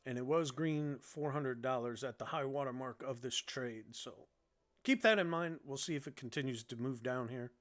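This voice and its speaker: A man's voice: mid-range voice, moderate pace, fairly bright tone. A man from Illinois hosting a trading livestream, giving loose, joking live commentary. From Illinois, United States.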